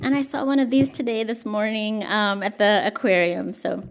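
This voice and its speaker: A woman's voice: medium pitch, fairly even intonation, normal speed, few pauses, clean tone. A woman poet at a live reading, reading poems and telling self-deprecating stories between them, laughing and chatty, with many fillers. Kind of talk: poetry reading with spoken storytelling between poems.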